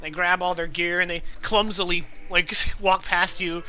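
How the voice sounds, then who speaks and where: Bright-voiced male game master. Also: sits high, flat delivery, normal speed, faint music behind. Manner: casual, laughing, many fillers and restarts. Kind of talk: narrating a tabletop game.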